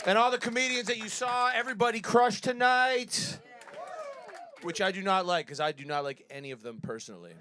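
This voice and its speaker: Stand-up comic, man in his 30s, slightly high voice, rambling self-mockery, live stage. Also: fairly quick, bright, forceful tone, some chatter behind, slight background noise. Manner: self-deprecating, rambling, laughs at own jokes. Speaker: stand-up comedian. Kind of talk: stand-up comedy set.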